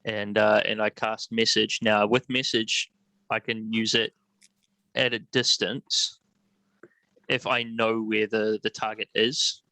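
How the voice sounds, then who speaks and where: A man's voice: on the low side, level tone, takes it slowly, sharp tone, no room sound. A man playing a tabletop game who talks through his character's plans step by step. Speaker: player.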